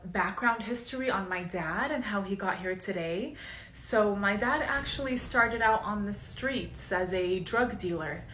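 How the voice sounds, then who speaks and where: A young woman with a bright, clear voice delivers a mock-earnest pitch and coaxes her father along. The room echoes around her. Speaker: prankster daughter.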